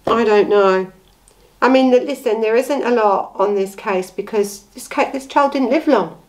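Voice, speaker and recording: A woman's voice: a little high, normal speed, a little mellow, rough recording. A woman giving blunt, indignant true-crime commentary, full of rhetorical questions. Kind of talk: impassioned commentary on a case.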